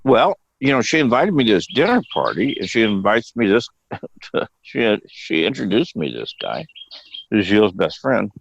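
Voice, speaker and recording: A man's voice: fairly low pitch, very animated, moderate pace, creaky, slightly rough. An older man as a podcast guest, telling rambling, profane anecdotes and laughing often. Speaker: guest actor. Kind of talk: casual storytelling. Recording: dull, dry sound.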